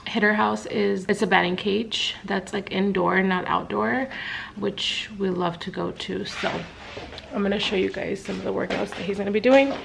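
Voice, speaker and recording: A woman's voice: mid-range voice, steady tone, normal speed, gravelly, slight background noise. A woman in her thirties chatting casually to camera at home in a vlog, full of fillers and asides. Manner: chatty, filler-heavy, talks straight to camera. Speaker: beauty vlogger.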